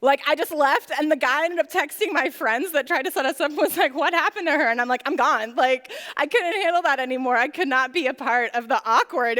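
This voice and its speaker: A woman's voice: high-pitched, fairly bright tone. A young woman speaking to a church youth group, telling stories in a chatty way with many "like" fillers. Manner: chatty storytelling full of "like" fillers. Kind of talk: casual youth group talk. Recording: long hall reverb.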